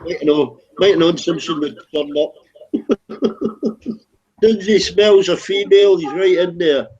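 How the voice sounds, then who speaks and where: A man teasing and swearing in a casual group video chat, quick to argue a point. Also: sits high, a little mellow, husky, highs cut off. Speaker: chat participant.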